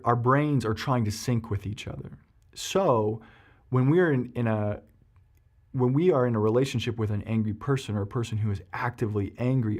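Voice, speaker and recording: A male therapist explains emotions in a relaxed podcast chat. He tells stories with lively rises in his voice and stumbles over restarts and filler words. His voice sits at an ordinary male pitch. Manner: animated storyteller, frequent ums and restarts. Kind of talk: explanatory podcast talk with personal anecdote.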